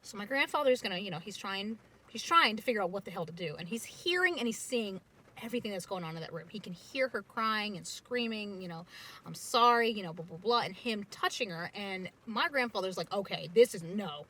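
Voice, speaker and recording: A woman's voice: medium pitch, fairly quick, rough recording. Chatty woman telling a story. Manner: chatty, many fillers, animated. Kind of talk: casual storytelling.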